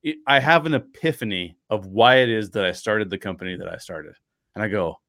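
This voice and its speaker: A man in his thirties, a podcast host telling a personal story with lively acted-out quotes and frequent restarts. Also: on the low side, a little fast, no room sound, clean studio sound. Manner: animated storyteller acting out quotes, many restarts.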